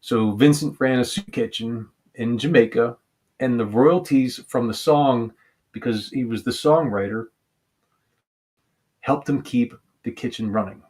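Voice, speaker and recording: A man talking casually about a song's meaning in a halting, hesitant way, often pausing and restarting. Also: mid-range voice, darkish tone. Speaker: vlogger discussing a song. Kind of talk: casual musing monologue.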